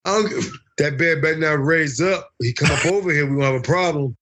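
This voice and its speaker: A man with a husky, slightly breathy voice spins a rowdy fight story for an interviewer. He swears freely, laughs at his own tale, and slips into the voices of the people in it. The sound comes from a video call at home. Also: fairly high pitch, brisk, a bit bright. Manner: profane, joking, acts out other voices. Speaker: interview guest, former fighter. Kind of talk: animated storytelling.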